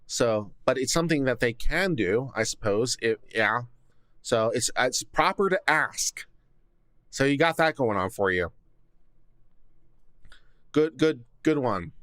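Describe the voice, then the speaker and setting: A man's voice: mid-range voice, lively intonation, measured pace, long pauses, a bit bright, no room sound. A man giving casual legal commentary, reading court filings aloud and mocking them with sarcastic asides, on a studio condenser mic. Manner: sarcastic, reads documents aloud then mocks them.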